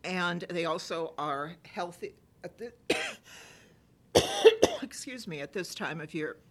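A woman's voice: fairly low pitch, wildly swooping pitch, slow. A woman co-hosting a casual chat, telling wry stories while fighting a cough. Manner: chatty storyteller, wry humor. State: coughing cold. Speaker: co-host.

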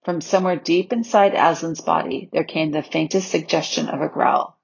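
A woman narrates a storybook aloud in a gentle, measured voice with a husky, breathy grain. The sound is slightly dull and lo-fi, like a home recording. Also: low voice, steady tone. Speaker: audiobook reader.

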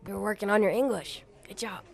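Here the older woman speaks at a medium pitch and a little fast, her Southern accent and raspy, gravelly voice carrying the role of an aged diner waitress. The character is toothless, chain-smoking, blunt and sarcastic, now and then muttering under her breath.

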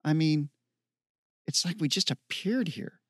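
A man voicing a stubborn, quick-tempered teenage boy who sounds defensive and exasperated. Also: fairly high pitch, animated, breathy edge, no room sound, clean studio sound. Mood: puzzled.

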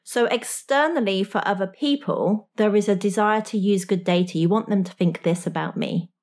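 A woman's voice: mid-range voice, normal speed, darkish tone. A woman speaking directly to the listener in a motivational talk as a coach, frank and slangy, with small laughs.

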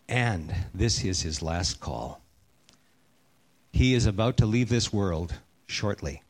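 With a low voice, a middle-aged pastor preaches earnestly through a personal story, dropping to a slow, hushed delivery when things turn serious.

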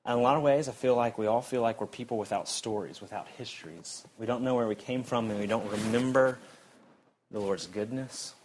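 A young man preaching a sermon in a conversational way, his voice swinging between loud emphasis and quiet, low passages. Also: fairly quick, a little hiss or hum. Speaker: pastor.

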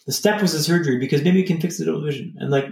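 A man's voice: fairly high pitch, rapid-fire, vocal fry, darkish tone, roomy sound. A man talking casually on a video call as a podcast guest, rambling loosely with lots of fillers. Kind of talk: casual reflective storytelling.

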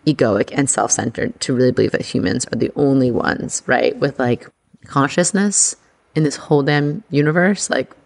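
Chatty woman with a gravelly edge. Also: deep voice. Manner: chatty, excitable, peppered with "like". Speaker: astrology podcast host. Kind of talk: casual podcast monologue.

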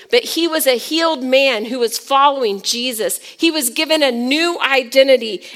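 A woman pastor preaching with a high voice. Her delivery is dramatic, dropping to near whispers and then rising to loud emphasis. Her tone is bright and sharp, and she keeps asking the congregation questions. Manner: asks the congregation rhetorical questions. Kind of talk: sermon.

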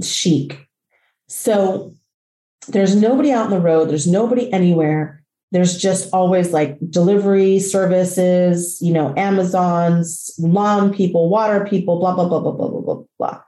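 A woman host telling a personal story in a dramatic, profane way, acting out the voices and shouts in what she tells. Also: on the low side, reverberant. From Latina. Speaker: podcast host.

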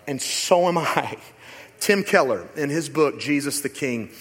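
A man preaching a sermon as pastor in a church, animated and rhetorical, sometimes acting out other voices. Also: fairly high pitch, a little slow, breathy edge. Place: church sanctuary. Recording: long hall reverb.

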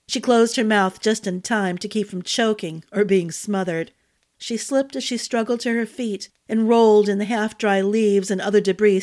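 A woman storyteller giving a measured, expressive audiobook narration. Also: mid-range voice.

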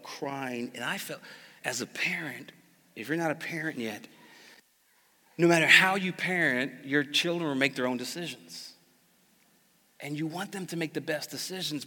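A pastor telling a family story in a sermon, animated and jokey, moving between hushed asides and loud bursts. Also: male voice, fairly high pitch. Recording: long reverb of a large hall.

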